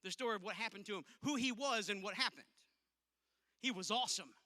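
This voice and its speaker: A youth pastor, preaching to teens in an emphatic, conversational way with punchy asides. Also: male voice, sits high, fairly quick, sharp tone. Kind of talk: youth sermon. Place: church auditorium. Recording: long reverb of a large hall.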